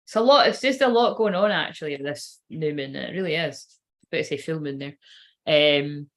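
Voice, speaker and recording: Woman, card reader, rambling casual chat, slightly low voice, swears offhand. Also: brisk. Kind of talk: casual livestream card reading.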